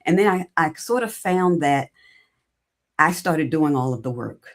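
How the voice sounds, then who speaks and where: A woman's voice: deep voice, a little slow. A middle-aged woman, a guest on an interview show, telling her career story in a casual way and acting out her own past conversations. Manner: animated, acts out her own past dialogue. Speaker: podcast guest, recruiting entrepreneur.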